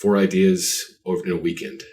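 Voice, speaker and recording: A man's voice: low-pitched, little pitch movement, normal speed, a little mellow. A man guest on a podcast interview, telling rambling, self-deprecating stories. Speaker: guest artist. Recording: voice distant from the mic.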